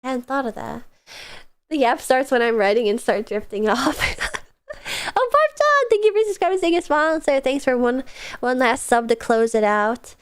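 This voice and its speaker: A woman's voice: high voice, sing-song, moderate pace, smooth. A young woman streamer with a stuffed-up nose from a cold, rambling casually to her chat with lots of fillers and giggles. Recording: soft music behind.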